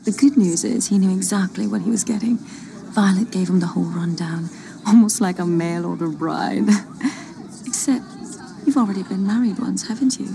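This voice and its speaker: Actress as a condescending catty socialite, gravelly, mellow, film clip, faint ambience. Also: female voice, medium pitch, normal speed, a little hiss or hum, natural voice. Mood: snide. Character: snide posh woman, falsely helpful.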